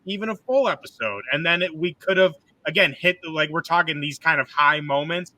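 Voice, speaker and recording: A man's voice: a little high, fairly quick, pushed and bright, low-quality recording. A man hosting a casual podcast chat, rambling and frank, filling his talk with "like" and swearing freely. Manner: rambling, heavy use of "like", frank and profane. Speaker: podcast host.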